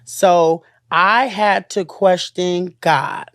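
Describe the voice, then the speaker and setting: A woman's voice: on the low side, steady tone, very slow, a bit bright, dry recording. Emotional woman in a dry, close interview. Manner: emotional, searching, repeats herself. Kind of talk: interview recounting a personal ordeal.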